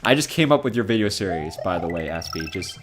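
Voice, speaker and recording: A man's voice: deep voice, lively intonation, quick pace, faint music behind. A young man streaming a game from home, chatting casually, rambling and laughing as he reads chat comments aloud.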